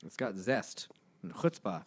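A man's voice: fairly low pitch, big pitch swings, measured pace, breathy edge. A man co-hosting a casual podcast, cracking profane jokes. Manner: wisecracking, profane. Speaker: podcast co-host. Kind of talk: casual chat over beers.

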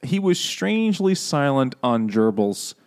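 A man's voice: medium pitch, very animated, measured pace. A man in an ordinary middle register chats loosely on a book-club podcast. He swears freely, laughs often, and drops into exaggerated character voices to recap scenes. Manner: joking, swearing, acts out silly character voices. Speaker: podcast co-host. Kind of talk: casual book-club chat.

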